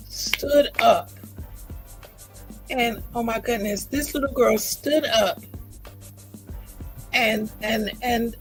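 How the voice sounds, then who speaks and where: A middle-aged woman hosts her own livestream in a rather high, somewhat bright voice, poorly recorded. She speaks heartfelt and earnest, emotionally personal, repeating phrases for emphasis.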